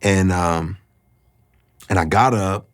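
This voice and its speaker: A man sharing a personal faith testimony, earnest and confessional, often pausing to find his words. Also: deep voice.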